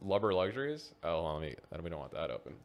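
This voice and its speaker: A man's voice: low voice, big pitch swings, racing, dull audio. A man hosting a podcast in casual chat, rambling with lots of fillers and frequent laughter. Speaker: podcast host. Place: podcast studio.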